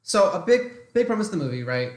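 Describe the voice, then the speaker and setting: A man's voice: sits high, sing-song, fast, echoey room. A man co-hosting a casual movie review chat, trading sarcastic, crude jokes. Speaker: podcast co-host.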